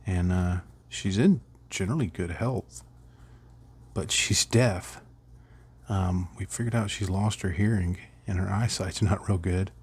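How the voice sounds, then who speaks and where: A man's voice: low voice, unhurried, darkish tone, breathy edge. A middle-aged man casually rambling through a miniature painting tutorial, chuckling at his own slips.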